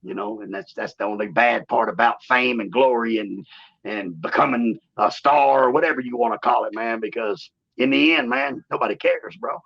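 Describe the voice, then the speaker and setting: A man, telling stories in a shoot interview in a drawling, animated way and saying "man" often. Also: moderate pace, creaky, breathy edge. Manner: animated storyteller, acts out quotes in a higher voice. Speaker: interview guest, former wrestler. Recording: dull lo-fi sound.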